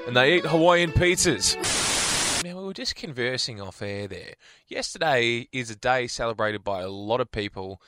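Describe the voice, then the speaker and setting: A man's voice: medium pitch, expressive, moderate pace, sharp tone, faint music behind. A man co-hosting a radio show, joking playfully in casual chat. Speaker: radio co-host.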